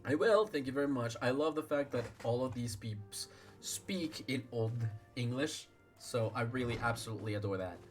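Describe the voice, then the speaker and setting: A man's voice: mid-range voice, lively intonation, moderate pace, soft background music. A man talking casually while streaming a game, with chatty, self-deprecating asides.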